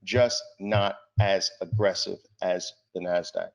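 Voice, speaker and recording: A man's voice: sits low, steady tone, takes it slowly. A man giving a market presentation, speaking emphatically and asking the audience rhetorical questions. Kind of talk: trading seminar presentation.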